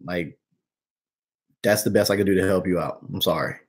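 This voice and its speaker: Young man, casual Q&A host, slangy, says bro a lot, fairly low voice. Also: moderate pace. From New Jersey. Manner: slangy, laid-back, calls people bro and man. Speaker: host answering viewer questions. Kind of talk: casual live Q&A chat.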